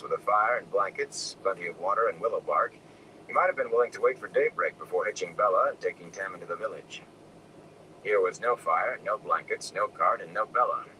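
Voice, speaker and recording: A man reading a novel aloud in a soft, hushed narration, sometimes dropping to a whisper. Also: sits low. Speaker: audiobook reader. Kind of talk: scripted narration. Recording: distant mic with air conditioning noise.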